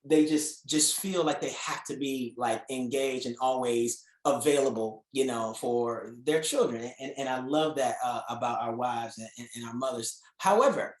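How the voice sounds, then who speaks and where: A male host asking his guest questions with eager enthusiasm, often tripping over and repeating his words. His voice sits at a middle pitch. The room adds a noticeable echo around him. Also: normal speed, hardly any pauses. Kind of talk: interview podcast hosting.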